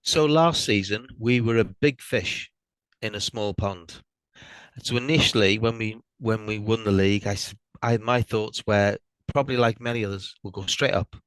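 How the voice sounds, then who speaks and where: A middle-aged Welsh man guesting on a podcast, speaking in a thoughtful, hesitant way with many pauses. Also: fairly low pitch, smooth, dry recording, low-quality recording. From Wales. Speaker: guest fan. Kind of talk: casual podcast chat.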